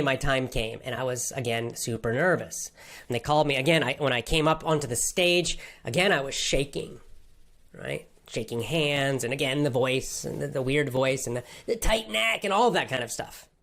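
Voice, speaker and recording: A woman from Georgia in the United States telling a personal story to language learners in simple, emphatic words with a lot of repetition. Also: rumbling low. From Athens, Georgia, USA. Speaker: English-learning podcast host.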